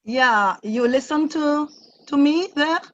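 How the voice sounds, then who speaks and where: A woman from Martinique with a French accent, speaking halting, earnest English as a guest singer on a video call. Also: sits high, muffled recording. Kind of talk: online event performance.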